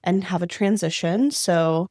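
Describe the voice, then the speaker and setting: Excitable, chatty woman podcast co-host. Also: on the low side, a little slow, dry recording, studio quality. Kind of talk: casual interview chat.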